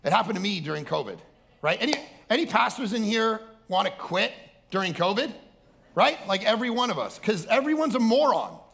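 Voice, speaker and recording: Bright, gravelly-voiced animated male pastor. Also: sits high, fairly quick. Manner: animated, loud, acts out other people's voices. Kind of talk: energetic sermon.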